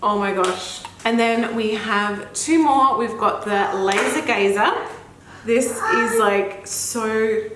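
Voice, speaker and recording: A woman's voice: fairly high pitch, takes it slowly, background noise. Gushing woman unboxing makeup. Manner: gushing, gasps often, effusive exclamations. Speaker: beauty vlogger and mother. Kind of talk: excited unboxing chat. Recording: echoey room with faint ambience.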